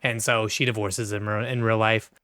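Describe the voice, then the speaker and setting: A man co-hosting a podcast in casual chat, animated, cutting in excitedly and acting out quotes. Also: moderate pace, no room sound, clean studio sound. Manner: animated, jumps in excitedly, acts out quotes in a high voice. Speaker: podcast co-host.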